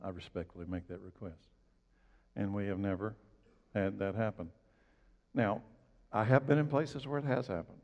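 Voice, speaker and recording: A male pastor with a gravelly voice preaches at normal speed, leaving long pauses. His sermon is conversational and full of stories, and his pitch and loudness swing sharply up and down. The recording sounds dull, with long hall reverb.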